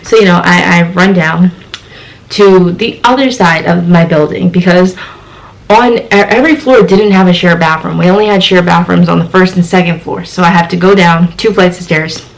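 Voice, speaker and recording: A young woman telling a story to camera, acting out her own lines with big jumps in pitch. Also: normal speed, gravelly, poor audio. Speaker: storytime vlogger.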